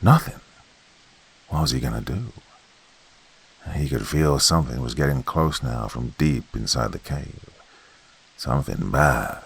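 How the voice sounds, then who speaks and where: A man narrating a horror story in a folksy campfire manner, swinging between loud and hushed delivery. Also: extremely low pitch, animated, measured pace, gravelly, pauses often, husky.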